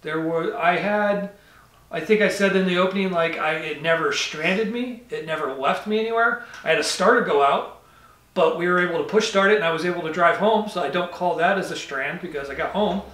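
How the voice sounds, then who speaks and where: A man's voice: high-pitched, fairly quick, a bit bright, echoey room, far from the mic. A man hosting a car review, talking casually and rambling, with frequent self-corrections. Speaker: car channel host.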